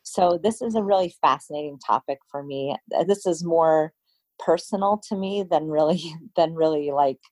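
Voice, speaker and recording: A woman's voice: low-pitched, moderate pace, a little mellow, no echo. A woman hosting a casual chat, playful and candid, often breaking into giggles.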